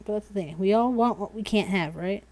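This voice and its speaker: A woman in her thirties chatting casually on a livestream while doing nails, rambling through animated everyday stories. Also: mid-range voice, brisk, poor audio. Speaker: streamer.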